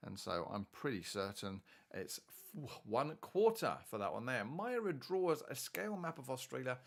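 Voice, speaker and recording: A man's voice: mid-range voice, sing-song, moderate pace, creaky. A man teaching maths, chatting and thinking aloud as he works through exam problems. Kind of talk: worked-solution maths tutorial.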